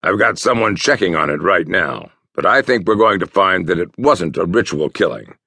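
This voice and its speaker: A man's voice: deep voice, lively intonation, moderate pace, pushed and bright, breathy edge, no echo, clean studio sound, exaggerated voice. A man voicing a harsh, commanding male chief of detectives in an audiobook. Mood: businesslike.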